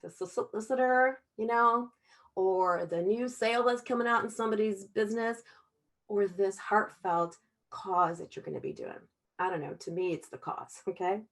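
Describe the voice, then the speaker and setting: A middle-aged woman, a Tupperware sales consultant, gives her team a heartfelt motivational sales talk over a video call in a mid-range voice at a moderate pace. She's chatty, tags sentences with "okay?" and "all right?", and gets emotional at times.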